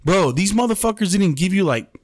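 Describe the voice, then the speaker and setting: A man's voice: sits high, brisk, no room sound. A man hosting a podcast who tells a story in casual chat, swearing freely and calling his listener bro. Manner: profane, slangy, animated storytelling. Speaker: podcast host.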